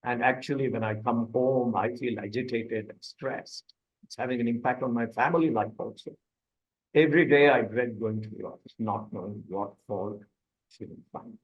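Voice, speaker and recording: A man's voice: mid-range voice, normal speed, highs cut off, close to an everyday voice. A man reading as a worried office worker. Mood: troubled.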